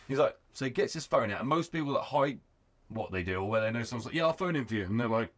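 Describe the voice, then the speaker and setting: This thirties-aged garage owner talks quickly in a mid-range voice. He tells his story with animated, casual profanity and impersonates the people he's quoting.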